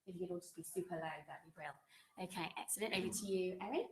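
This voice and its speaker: A woman's voice: lowish voice, fast talker. Chatty reassuring woman teacher. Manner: chatty, reassuring, lots of fillers and restarts. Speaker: secondary school French teacher. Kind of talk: online welcome talk for new pupils. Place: classroom with pupils. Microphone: computer microphone.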